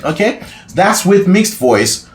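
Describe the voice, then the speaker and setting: A man's voice: mid-range voice, animated, normal speed, roomy sound. A man teaching a singing lesson as a vocal coach, explaining casually and often checking in with the listener. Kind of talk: singing lesson with sung demonstrations.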